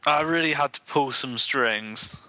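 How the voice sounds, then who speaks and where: A man's voice: medium pitch, unhurried, sharp tone. A man co-hosting a casual comedy podcast, joking and laughing often. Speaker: podcast co-host.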